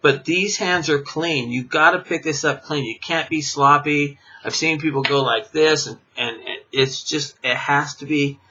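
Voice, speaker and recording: A man's voice: a little high, a little slow, few pauses, bright, forceful tone, husky. A man teaching a card trick in a casual, rambling way, full of fillers and chuckling at himself. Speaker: magic teacher. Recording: dull lo-fi camera audio.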